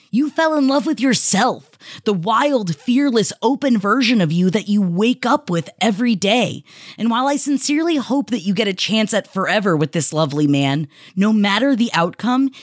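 A woman podcast host reading listener shout-outs aloud, heartfelt and emotional, her voice swinging high and low. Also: dry recording, clean studio sound. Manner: warm, emotional, heartfelt delivery with sudden pitch swings.

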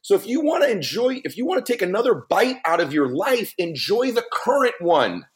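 A middle-aged man telling a story in a podcast conversation, animated and laughing, with big swings in his voice. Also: high-pitched, fairly quick, crowd noise. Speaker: podcast guest, motivational speaker.

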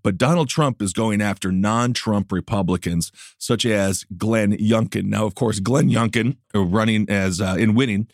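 A man's voice: on the low side, moderate pace, few pauses, no echo, studio quality. A man hosting a podcast, giving sarcastic, joking political commentary with plenty of filler words. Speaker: podcast host. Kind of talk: comedic political chat.

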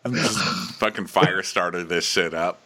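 Bright-voiced sarcastic man recapping TV. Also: sits low, moderate pace. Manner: sarcastic, breaks into mocking impressions. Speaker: podcast co-host. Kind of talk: casual comedic TV recap.

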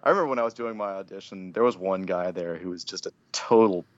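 A man's voice: deep voice, quick pace, dull audio. A man talking as a guest in a casual chat, rambling with lots of fillers.

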